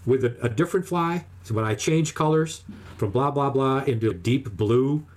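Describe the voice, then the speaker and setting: A man casually telling a long, animated fishing story, acting out the other people's lines in raised voices. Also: mid-range voice, normal speed.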